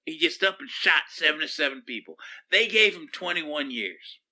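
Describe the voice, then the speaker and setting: A man's voice: a little high, lively intonation, moderate pace, pushed and bright. A man playing a flippant pop psychologist from Oklahoma who hosts a comedic call-in show, prissy and easily rattled, stammering when callers swear. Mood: smug. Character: flippant middle-aged male pop psychologist radio host.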